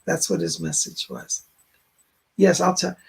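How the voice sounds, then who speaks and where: A hoarse man hosting a live-stream psychic reading, relaying spirit messages in looping "he said" phrasing and thanking viewers effusively. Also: sits high, huge pitch swings, measured pace. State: hoarse, voice giving out. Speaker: psychic medium, stream host.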